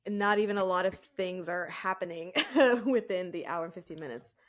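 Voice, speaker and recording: A woman's voice: on the low side, normal speed. A woman hosting a podcast in casual chat, laughing easily and leading into segments. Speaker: podcast host.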